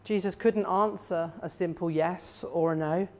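A preacher delivering a sermon in a measured, reflective way, often putting questions to the listeners. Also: medium pitch, fairly even intonation, a little mellow.

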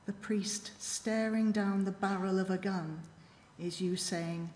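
Slow, soft-spoken woman in echoey hall. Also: medium pitch, steady tone, a little hiss or hum. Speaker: reader of a poem in church. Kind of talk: slow reflective poetry reading. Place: church.

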